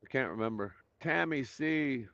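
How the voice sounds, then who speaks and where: A man's voice: medium pitch, expressive, moderate pace, fairly bright tone, no echo, highs cut off. A man hosting a casual live stream, greeting viewers by name and chatting loosely with lots of fillers while he waits to start. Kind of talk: casual chat reading viewer comments.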